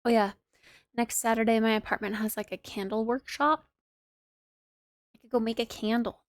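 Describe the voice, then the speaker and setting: A young woman livestreamer chatting casually with her viewers from her apartment, playful and cutesy, drowsy and relaxed. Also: fairly high pitch, moderate pace, pauses often, no echo. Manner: cutesy, playful baby talk. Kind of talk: casual chat with stream viewers.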